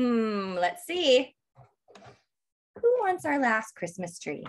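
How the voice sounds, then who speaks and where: A woman reading a picture book aloud to toddlers, animated and sing-song, gasping with excitement and asking the children questions. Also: fairly high pitch, takes it slowly, pauses often. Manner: asks the children questions throughout. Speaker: toddler book club reader.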